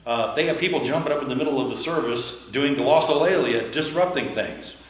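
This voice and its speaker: A man's voice: mid-range voice, a little fast, a bit bright. A male pastor giving a chatty, joking sermon, often putting questions to the listeners. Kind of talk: conversational sermon. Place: church. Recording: very echoey church.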